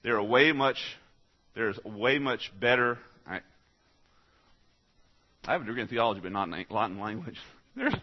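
A man preaching a folksy sermon in a mid-range voice, dropping to quiet asides and then rising to loud, emphatic exhortation. The recording sounds a little dull and lo-fi. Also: medium pitch, animated, normal speed, long pauses. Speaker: pastor.

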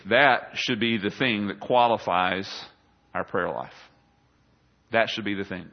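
Preacher guy, gets loud and high on the verses then drops way down, kinda dull lo-fi recording. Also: fairly even intonation, unhurried. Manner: swells loud and high on scripture, drops low on asides. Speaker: pastor. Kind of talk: sermon.

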